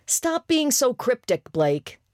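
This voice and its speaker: A reader voicing a nosy, teasing young woman friend in an audiobook, with a gravelly, eager, high-pitched delivery. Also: big pitch swings, moderate pace, darkish tone, no room sound, studio quality. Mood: excited teasing. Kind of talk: audiobook character voice.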